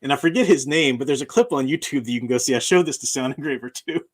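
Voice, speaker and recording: A man's voice: medium pitch, quick pace. A man, a university professor hosting his own channel, talking in a casual livestream chat, emphatic and often laughing at his own remarks.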